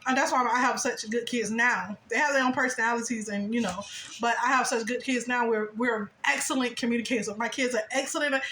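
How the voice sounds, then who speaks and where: Woman in her 30s chatting on her vlog, kinda high bright voice, jumps into squeaky quote voices, roomy echo. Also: fairly quick, a little hiss or hum. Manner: animated, jumps into high-pitched quoted voices and laughs often. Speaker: spiritual vlogger. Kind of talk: casual storytelling monologue. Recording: echoey room.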